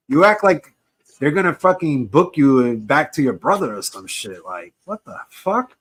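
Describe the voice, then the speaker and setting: A man's voice: fairly high pitch, sing-song, normal speed, slightly rough. A man co-hosting a casual wrestling podcast, giving blunt, opinionated takes with plenty of swearing. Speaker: podcast co-host.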